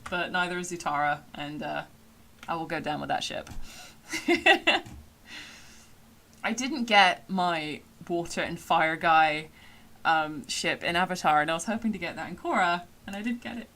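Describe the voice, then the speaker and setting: A woman's voice: lowish voice, normal speed, fairly bright tone. A woman from England with a Somerset accent, chatting casually on a live stream, rambling with many fillers and laughs. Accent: Somerset English. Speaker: streamer and voice actor.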